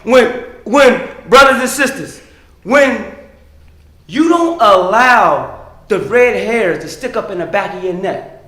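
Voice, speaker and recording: High, bright-voiced shouting preacher man. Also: animated, slow pace, echoey room, low-quality recording. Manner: shouting preacher asking the crowd "is that right?". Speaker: minister. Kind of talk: sermon.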